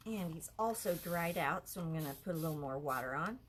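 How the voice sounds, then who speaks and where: A woman's voice: low-pitched, lively intonation, fairly quick, heavy background noise. A woman leading a live craft lesson from an art center office, chatty and easily amused. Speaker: art instructor.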